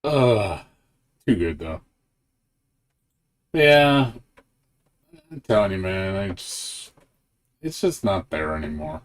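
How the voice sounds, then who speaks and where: A man's voice: low voice, very animated, slow pace, long pauses. A man streaming games, chatting casually, swearing a lot and rambling through his thoughts. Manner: profane, laughing, rambling. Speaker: game streamer. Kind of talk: casual live-stream chat.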